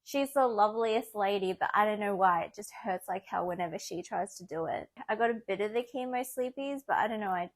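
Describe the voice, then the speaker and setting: A young woman, chatting casually in a vlog, animated and often laughing as she acts out what others said. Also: medium pitch, brisk, few pauses. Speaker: vlogger.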